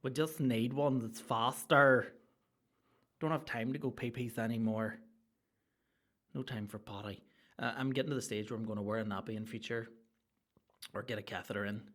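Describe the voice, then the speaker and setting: A man hosting a solo comedy podcast, ranting in a crude, rambling and excitable way. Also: medium pitch, moderate pace, pauses often. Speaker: podcast host.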